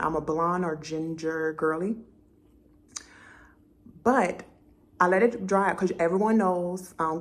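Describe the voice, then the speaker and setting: A young woman vlogging casually, telling a story and acting out her own conversations in an animated way. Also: deep voice, vocal fry.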